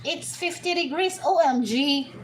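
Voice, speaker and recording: A woman's voice: high-pitched, unhurried, slight background noise, poor audio. A woman with a Filipino accent, chatting during a livestream vlog, coaxing her pet bird and thanking viewers in a playful way. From Philippines. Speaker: vlogger hosting a livestream. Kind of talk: casual live chat.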